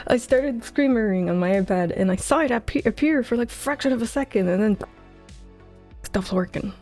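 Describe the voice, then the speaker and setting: A woman's voice: mid-range voice, a little mellow. A woman livestreaming her game coding, chatting in a scattered, self-mocking way and sounding tired, close on a headset mic. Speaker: game dev streamer. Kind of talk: casual livestream chat.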